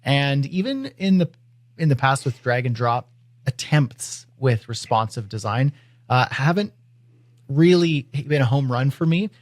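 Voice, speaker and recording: A man co-hosting a podcast, talking in a relaxed, easygoing way with the odd "uh". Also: mid-range voice, unhurried, no echo. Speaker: podcast co-host. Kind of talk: casual podcast chat.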